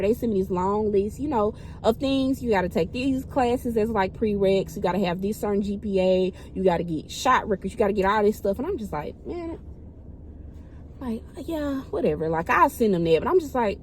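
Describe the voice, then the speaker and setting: A woman in her twenties telling a personal story in a casual vlog, chatty and animated, talking straight to her viewers. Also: medium pitch, slight background noise, low-quality recording. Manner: chatty, animated, keeps addressing viewers directly. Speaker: vlogger.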